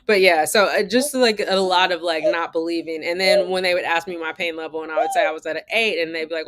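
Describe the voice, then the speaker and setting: A woman in her forties telling a candid story to her viewers in a casual chat, animated, switching between loud outbursts and hushed asides. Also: fairly low pitch, quick pace, hardly any pauses, no room sound. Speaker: vlogger and new mother.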